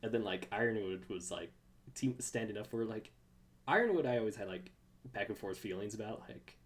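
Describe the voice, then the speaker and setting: A podcast host in casual fan chat, excitable and rambling, full of fillers and restarts. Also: medium pitch, a little fast.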